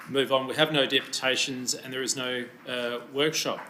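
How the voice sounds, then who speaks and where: A man chairing a council committee meeting, brisk, procedural and polite. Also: medium pitch, fairly even intonation, sharp tone, slight background noise. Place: council chamber. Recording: roomy chamber sound.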